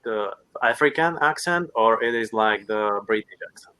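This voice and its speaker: A man's voice: on the low side, lively intonation, sharp tone, clear, resonant tone. A man practicing English in casual conversation. He searches for words, stumbles and restarts his phrases as he goes. The sound is that of a simple video-call microphone. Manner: hesitant, halting, frequent restarts. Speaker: English learner. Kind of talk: casual chat.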